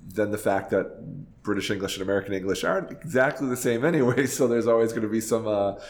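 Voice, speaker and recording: A man interviewing choir singers in casual chat, agreeable and quick to laugh. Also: fairly low pitch.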